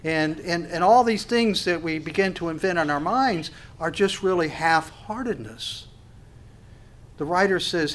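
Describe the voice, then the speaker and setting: A man's voice: high voice, expressive, moderate pace, a bit bright. A man preaching a sermon with passion, acting out little dialogues between God and people as he goes. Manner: impassioned, acts out dialogue with God.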